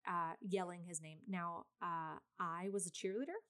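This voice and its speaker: A woman in her thirties chats through a long personal story in a casual vlog, voice sitting a little low. She rambles with plenty of fillers and asides. She is a mother talking straight to her viewers. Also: normal speed, smooth. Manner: chatty and rambling, many fillers; self-described very loud person.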